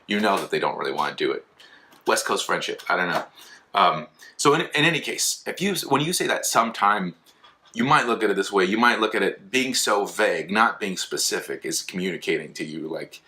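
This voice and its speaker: Casting: man in his thirties from California, lowish bright voice, casual animated lecture, jumps into silly voices. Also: fairly quick. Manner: animated, acts out quoted voices, many restarts. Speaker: philosophy teacher.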